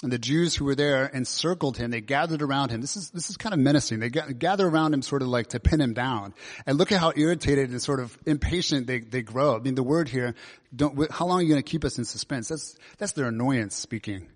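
A man's voice: medium pitch, brisk. Guy preaching in church, chatty, lots of questions, big echoey hall. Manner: conversational, asks many questions. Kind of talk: sermon. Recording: long reverb of a large hall.

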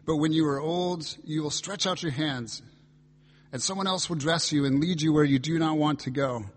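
A man's voice: fairly high pitch, moderate pace. A man pastor preaching a reflective, earnest sermon, reading and voicing scripture dialogue as he explains it.

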